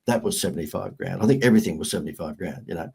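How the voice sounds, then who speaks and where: A middle-aged man with an Australian accent, a guest on an interview show, telling lively anecdotes with sarcastic humor. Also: low-pitched, racing, creaky, husky. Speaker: guest, marketing consultant. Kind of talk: storytelling interview chat.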